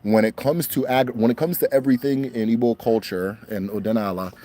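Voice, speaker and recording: A young man hosting a casual question-and-answer stream, talking in a relaxed way and repeating phrases for emphasis. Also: medium pitch, fairly quick. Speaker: host answering viewer questions. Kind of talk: casual livestream Q&A.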